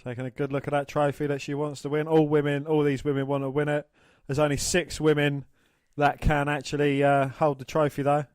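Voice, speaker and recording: A man's voice: a little high, little pitch movement, a little fast, a little mellow, no echo. A man co-hosting a podcast, commenting on wrestling in a crude, joking way and swearing freely. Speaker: podcast co-host. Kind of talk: casual wrestling watch-along commentary.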